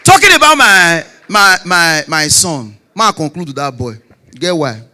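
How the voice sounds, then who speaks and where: Animated Nigerian Pidgin comedian man, bright voice. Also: measured pace. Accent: Nigerian Pidgin English. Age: 40s. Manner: animated, bursts into shouted punchlines, drops low for asides. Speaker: stand-up comedian. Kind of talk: stand-up comedy storytelling.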